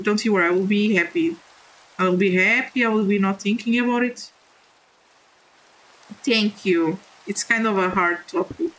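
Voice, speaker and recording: A young woman whose first language is not English, talking openly and haltingly to her viewers while she plays a game, often apologizing and reassuring them. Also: mid-range voice, a bit bright, low-quality recording. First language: a language other than English. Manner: halting, heartfelt and confessional, with frequent restarts. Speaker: gaming streamer. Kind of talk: casual confiding chat while playing a game.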